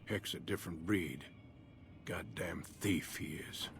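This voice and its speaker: An actor playing a gruff, vengeful old male rancher in a game, with a folksy, blunt drawl. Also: low voice, a little slow, fairly bright tone, slight background noise, exaggerated voice. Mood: scornful. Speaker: game character.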